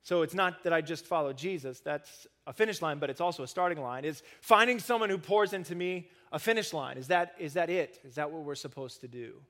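Earnest high-voiced male pastor preaching. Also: brisk, few pauses. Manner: earnest, building to emphatic stresses then dropping soft. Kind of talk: sermon.

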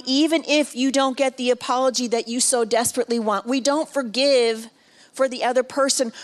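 Brief: middle-aged woman retreat speaker, slightly high voice, heartfelt sermon with story and audience asides. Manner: emotional, builds from hushed to loud and back; repeats phrases for emphasis, jokes with the audience. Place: large room at a women's retreat.

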